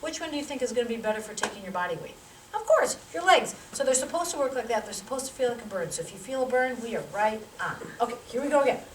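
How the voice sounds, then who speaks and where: A woman, a physical therapy instructor, teaching a live demonstration and coaching a volunteer through an exercise with quick cues and encouragement. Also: fairly high pitch, animated, background noise. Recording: roomy sound from a distant mic.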